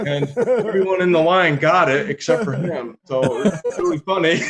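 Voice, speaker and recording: A man speaking as a podcast guest in a moderately high register, spinning wry anecdotes with a dry comic edge. He talks in an easy, conversational way. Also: lively intonation, normal speed, few pauses. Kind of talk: casual interview storytelling.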